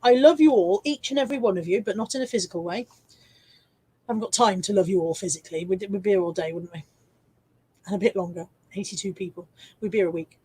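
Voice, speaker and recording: A woman's voice: medium pitch, fast talker, mellow, breathy edge. An English woman hosting a casual live stream from home, chatting and teasing herself as she reads out viewer comments.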